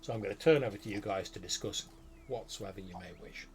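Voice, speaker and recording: A man narrating as game master, relaxed and rambling with many fillers. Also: on the low side, quick pace, background noise.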